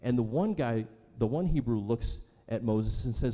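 A middle-aged man delivers a teaching sermon in a mellow, relaxed voice. He talks conversationally, asking the congregation questions and tagging points with "okay" and "right." His voice rings with the long reverb of a large hall. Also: mid-range voice, moderate pace. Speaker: pastor.

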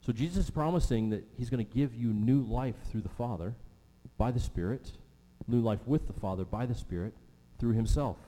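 A man preaching a sermon, emphatic, repeating key phrases and slowing down to stress them. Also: medium pitch, mellow. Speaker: pastor. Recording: long reverb of a large hall.

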